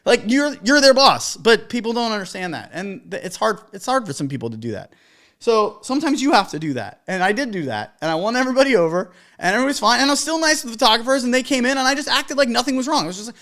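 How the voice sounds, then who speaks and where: A wedding DJ tells a story as advice to fellow DJs, talking fast in an extremely high-pitched voice. He's animated and emphatic, swearing casually as he goes.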